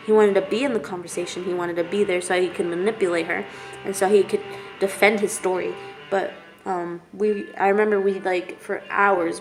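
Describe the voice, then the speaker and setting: Woman, vlog storytelling, halting, candid, fillers and restarts, monotone, music underneath. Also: on the low side, vocal fry. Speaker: vlogger. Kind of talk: personal storytelling to camera. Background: music playing.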